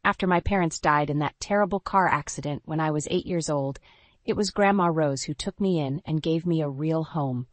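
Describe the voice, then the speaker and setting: A woman narrating a scripted first-person story in a dramatic, even storytelling voice. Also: low-pitched, moderate pace, dry recording.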